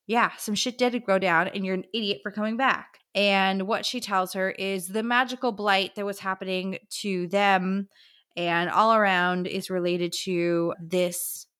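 Female podcast co-host, casual book-club recap, mid-pitched, chatty. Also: fairly even intonation, a bit bright, clear, resonant tone. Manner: chatty recap, slipping into quick voices for characters.

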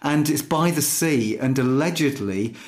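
A man co-hosting a music podcast, talking in a thoughtful, loosely hesitant way with frequent pauses. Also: medium pitch. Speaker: podcast co-host. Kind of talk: casual music chat.

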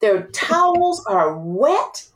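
A woman with a fairly high pitch draws out her words as a guest expert on emotional intelligence in an interview conversation. She's an animated storyteller, telling vivid stories and acting out examples.

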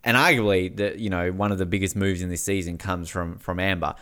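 A man with an Australian accent who hosts a podcast. He chats casually and acts out quotes as he talks. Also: a little fast. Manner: animated, swings between high and low, acts out quotes. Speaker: podcast host. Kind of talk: casual chat.

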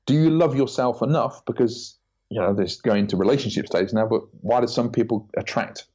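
A man's voice: medium pitch, a little fast, husky. A man, a podcast guest chatting casually and acting out quoted voices as he tells stories. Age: 40s. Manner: animated storyteller, acts out quoted voices. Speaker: podcast guest, branding consultant. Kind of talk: casual interview chat. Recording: dull lo-fi audio.

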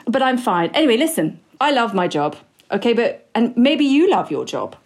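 A woman's voice: a little high, very animated, moderate pace. A woman in her forties co-hosting a podcast, chatty and self-mocking, rambling with fillers. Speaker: podcast co-host. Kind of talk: casual chat.

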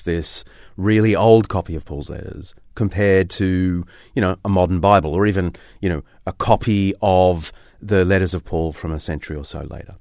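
A man's voice: deep voice, darkish tone, no room sound, clean studio sound. A man presenting a documentary, telling the story casually and with animation, using fillers. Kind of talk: documentary explainer.

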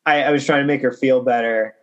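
A man's voice: mid-range voice, fairly even intonation, fast talker, dull audio. A young man in casual podcast chat, telling an anecdote and acting out the people in it with raised voices. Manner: storytelling, acts out quotes in raised voices.

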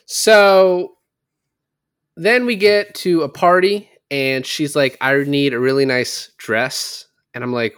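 A man co-hosting a casual movie review podcast, animated and profane, slipping into mocking voices of characters. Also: a little high, slow, clean tone, no room sound, studio quality. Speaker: podcast co-host.

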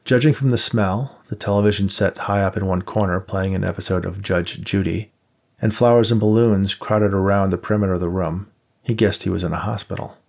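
A man narrating an audiobook in a measured, even way. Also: sits low, creaky. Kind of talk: scripted narration.

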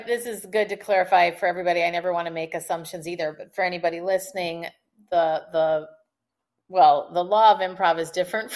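Animated woman coaching on speech. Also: fairly low pitch. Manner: animated, laughs often while explaining. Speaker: communication expert guest. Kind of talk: conversational podcast interview.

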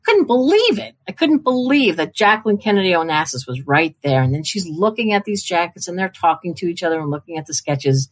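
A woman's voice: on the low side, big pitch swings, a little fast, hardly any pauses. An older woman, a publishing marketing executive, telling stories in a casual chat and acting out the voices she quotes. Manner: chatty, acts out quoted voices. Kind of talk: casual storytelling in a conversation.

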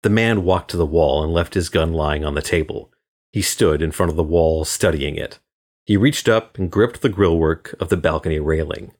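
A man from Florida reading a crime story as guest narrator in measured, even storytelling. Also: very deep voice. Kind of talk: scripted audiobook narration.

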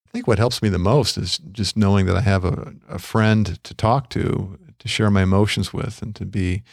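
A middle-aged man co-hosting a Christian podcast, talking in a gentle, measured, pastoral way. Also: lowish voice, fairly even intonation, vocal fry, no echo, clean studio sound. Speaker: podcast co-host. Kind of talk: reflective Christian podcast conversation.

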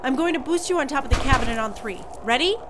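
Audio drama: commanding leader, brisk orders, high voice. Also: female voice, lively intonation, background noise. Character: commanding woman taking charge in a crisis.

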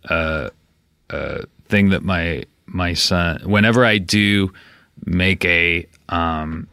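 A man co-hosting a podcast in casual comedic banter, speaking in a hesitant, halting way with a dry delivery. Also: low-pitched, sharp tone, smooth, no room sound. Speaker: podcast co-host.

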